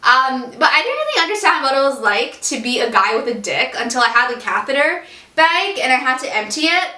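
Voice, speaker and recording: Young woman vlogger, high bright voice, frank and chatty, roomy echo, a bit off mic. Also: very animated, fairly quick, far from the mic. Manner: frank and chatty, swears casually, laughs often. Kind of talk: candid storytelling vlog.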